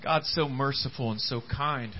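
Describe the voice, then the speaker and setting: A man's voice: mid-range voice, moderate pace, highs cut off. A man preaching a sermon at a church service, calling out to the congregation. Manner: animated preaching, calls out to congregation. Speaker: pastor.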